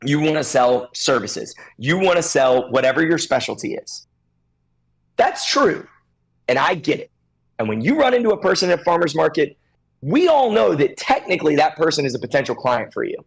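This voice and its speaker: A man with a slightly raised, husky voice talks on a podcast. His delivery swings widely up and down as he coaches emphatically. He drops into quick acted-out bits of everyday conversation. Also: a little high, sing-song, rough recording. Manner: acts out little scenes in different voices. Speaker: guest expert on social media for stylists. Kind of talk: animated podcast chat.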